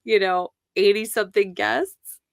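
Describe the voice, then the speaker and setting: A woman's voice: medium pitch, steady tone, unhurried, vocal fry, dry recording, studio quality. A woman co-hosting a podcast on a video call, playful and teasing. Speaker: podcast co-host. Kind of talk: casual podcast chat.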